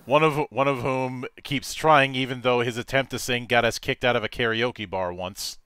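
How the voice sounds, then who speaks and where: A man hosts a relaxed interview, his voice bright and forceful with a smooth, crisp edge. The sound is dry and close. He jokes and tells little stories between his questions. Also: medium pitch, normal speed, no room sound. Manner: joking, storytelling. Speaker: interview host, game master. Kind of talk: casual interview chat.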